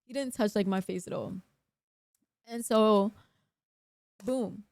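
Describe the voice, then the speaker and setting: A young woman, telling a story on a live stream in a casual, animated, profane way and acting out other people's lines. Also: medium pitch, slow, gravelly, no echo, clean studio sound.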